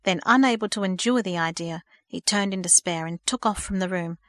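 Woman narrator, steady audiobook reading, mid pitch, dry booth. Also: a little fast, dry recording.

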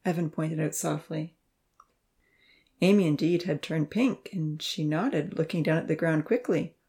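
A woman narrating a children's story aloud, softly voicing the characters and dropping to near-whispers for hushed asides. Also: sits low, animated, measured pace, gravelly. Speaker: audiobook narrator. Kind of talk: scripted narration with character dialogue.

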